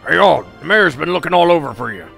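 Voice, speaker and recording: A man putting on a chatty, homespun small-town villager, pitched a little above his own voice and swinging up and down in lively fashion. The folksy drawl stays light and friendly, with faint game music underneath. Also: fast talker, creaky, breathy edge, full character voice. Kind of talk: reading game dialogue aloud in voices.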